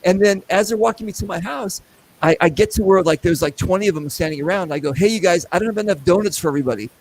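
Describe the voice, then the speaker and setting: A middle-aged man hosting a casual show, telling a long story with lots of acted-out voices and quick asides. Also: high-pitched, slight background noise, poor audio. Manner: animated, acts out voices in anecdotes. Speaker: podcast host.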